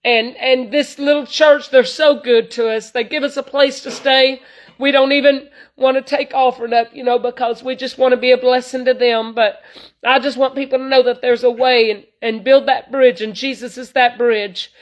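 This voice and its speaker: A woman's voice: high voice, fairly even intonation, normal speed, rough recording. A woman, preaching informally to online viewers in an earnest, folksy way, full of "you know". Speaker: traveling evangelist.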